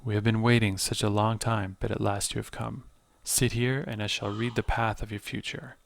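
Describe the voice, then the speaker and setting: Man voicing an ancient fortune-teller woman, put-on accent, solemn archaic speech, gravelly, flat delivery. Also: on the low side, moderate pace, a little hiss or hum.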